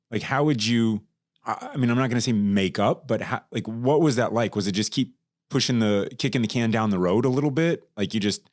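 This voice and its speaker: A man hosting a podcast in relaxed chat, with a somewhat low voice. He ribs his guest and asks rambling questions full of restarts, calling him "bro". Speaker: podcast host. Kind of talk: casual interview chat.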